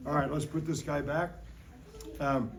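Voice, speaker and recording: With a little high voice, a steady tone and a measured pace, this science educator gives a playful, jokey hands-on demonstration in an elementary school classroom. The middle-aged man keeps coaxing the young children with questions.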